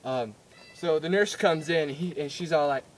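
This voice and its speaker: A man's voice: on the high side, normal speed, slight background noise. A young man telling a story in a casual vlog, rambling and giggly, with many fillers and restarts. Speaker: vlogger.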